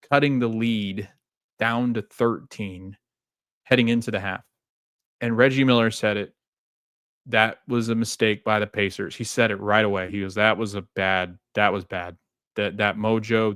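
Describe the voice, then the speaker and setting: A man's voice: on the low side, fairly even intonation, moderate pace, fairly bright tone, clean tone, dry recording, clean studio sound. A man hosting a sports fan show, talking casually and rambling through a game recap with many restarts. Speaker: podcast host.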